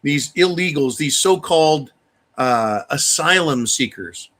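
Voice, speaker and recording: A man's voice: on the high side, expressive, slow, a bit bright. A man hosting a live talk stream, ranting bluntly with profanity and speaking straight to his viewers and donors. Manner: addresses viewers directly. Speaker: livestream host reading viewer donations. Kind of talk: casual ranting talk show.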